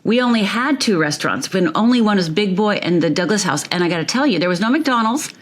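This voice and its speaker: A woman's voice: mid-range voice, animated, quick pace. A woman from Upper Michigan telling her life story as an interview guest, vivid and emphatic, repeating phrases for effect.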